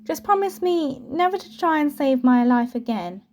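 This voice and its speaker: A woman's voice: high-pitched, animated, moderate pace, a little mellow, a little hiss or hum, voice pushed up. Woman reading as a young boy wizard. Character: young boy wizard, twelve, friendly and plain-spoken.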